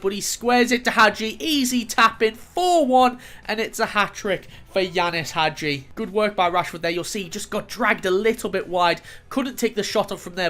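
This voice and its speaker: A man narrates his football game career highlights in a relaxed, chatty way. His voice jumps in pitch and volume at every chance and goal, and he sometimes swears or chuckles at the replays. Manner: excitable, rising sharply on chances and goals. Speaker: gaming YouTuber. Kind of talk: casual commentary over gameplay highlights.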